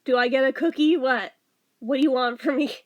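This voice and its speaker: A woman's voice: high-pitched, steady tone, a little fast. A woman in her thirties telling a story in a casual vlog, chatty and exasperated, swearing and laughing as she goes. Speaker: vlogger.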